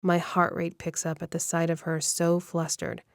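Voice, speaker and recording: A woman narrating a first-person romance audiobook in an even, measured storytelling manner, close to the mic. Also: fairly low pitch, gravelly, no room sound.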